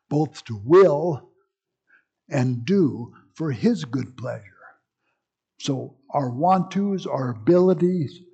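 Slow, gravelly-voiced male pastor. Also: mid-range voice, a little mellow. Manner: teaching, explains grammar, conversational asides. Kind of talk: sermon.

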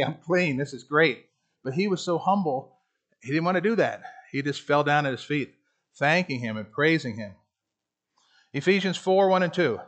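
A man's voice: on the high side, a bit bright. A man leading a Bible study class, teaching in a conversational way and asking the group questions. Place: room with a class.

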